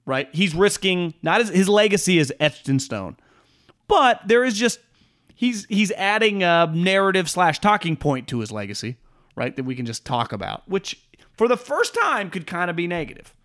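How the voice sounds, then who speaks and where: A man co-hosting a casual sports betting chat, his slightly high voice swinging widely up and down as he rambles. He swears freely and laughs often, talking loosely and excitedly. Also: moderate pace. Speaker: sports betting podcast co-host.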